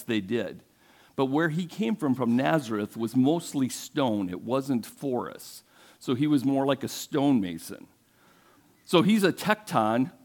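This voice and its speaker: A man's voice: mid-range voice, a little mellow. A male pastor preaching a sermon, retelling a story in a conversational way and asking the congregation questions.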